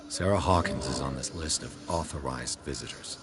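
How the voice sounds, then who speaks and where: An actor playing a grim male investigator in a video game, speaking in a brooding, low-key way. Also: moderate pace, background noise. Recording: game audio with loud ambience.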